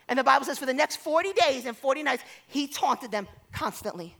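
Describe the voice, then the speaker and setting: A woman preaching to her church in a high voice with a gravelly edge. She tells stories and acts out the voices of the people in them. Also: animated, fast talker, hardly any pauses. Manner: storytelling, acts out quoted voices, builds to exhortation. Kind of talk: sermon.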